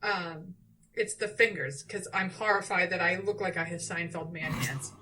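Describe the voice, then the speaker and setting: A woman's voice: fairly low pitch, moderate pace, background noise. A middle-aged woman, co-hosting a casual chat, chatty and self-deprecating, laughing at herself. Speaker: podcast co-host, nurse.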